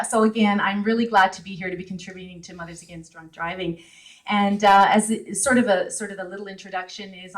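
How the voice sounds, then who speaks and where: Brief: middle-aged woman, guest speaker at an evening event, chatty, laughs often, voice picked up from across the hall. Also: mid-range voice. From Canada. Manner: chatty, laughs often, voice rises when animated. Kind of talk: speaking to a live audience. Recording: distant mic in a hall.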